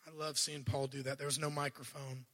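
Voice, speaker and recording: A man preaching a sermon in a church, animated, swinging between loud bursts and quiet asides, and he sometimes stutters and restarts. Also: mid-range voice, brisk, big-room sound. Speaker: guest preacher.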